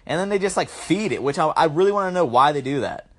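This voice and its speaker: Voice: mid-range voice, animated, fast talker, a bit bright, slightly rough. Young vlogger rambling through a movie plot, swearing a lot, voice jumping all over. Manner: profane, rambling, slangy. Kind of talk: casual movie recap.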